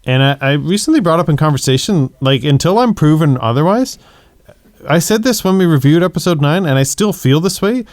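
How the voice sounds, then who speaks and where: A man with a smooth, clean voice chats about movies on a podcast in a thoughtful, easygoing way. His voice is recorded dry and close, with no room sound. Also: on the high side, animated, fairly quick, darkish tone, dry recording. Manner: thoughtful, agreeable, builds on the other host's points. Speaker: podcast co-host. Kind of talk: casual movie discussion.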